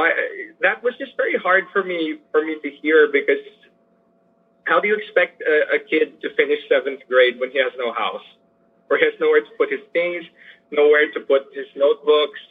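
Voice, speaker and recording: A teacher who works with poor youth, speaking earnestly in an interview with frequent restarts and fillers. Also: male voice, a little high, expressive, normal speed, slightly rough. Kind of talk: interview over a remote line. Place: lives in Manila. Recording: tinny phone-like line.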